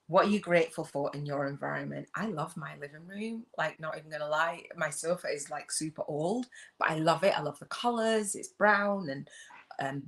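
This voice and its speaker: Low-voiced earnest woman coaching live. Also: fairly bright tone. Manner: emotional, earnest, repeats herself; reads out viewer comments. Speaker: spiritual business coach and host. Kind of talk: livestream talk with journal prompts.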